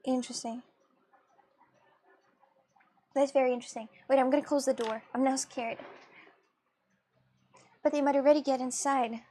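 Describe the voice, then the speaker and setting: There's a slight hiss or hum behind this young woman's high, dark-toned voice, which holds steady and moves fairly quickly. She draws on a livestream, chatting with her viewers, laughing frequently and answering the chat.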